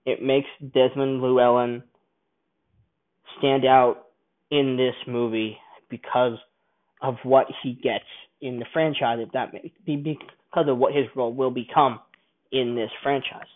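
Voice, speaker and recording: A man's voice: mid-range voice, little pitch movement, unhurried, long pauses. A man casually reviewing a film, rambling and enthusiastic, often restarting his sentences. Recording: tinny phone-like sound.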